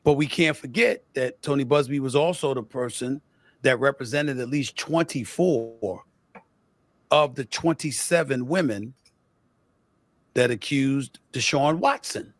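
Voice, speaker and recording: Guy calmly weighing both sides of a case, dry close sound, middle pitch. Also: a little slow, no room sound. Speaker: sports show producer. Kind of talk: measured spoken commentary.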